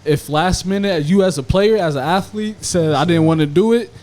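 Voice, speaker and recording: A man with a slightly high voice explains something step by step on a sports podcast. He stays casual and clear. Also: moderate pace, a little mellow. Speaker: podcast co-host.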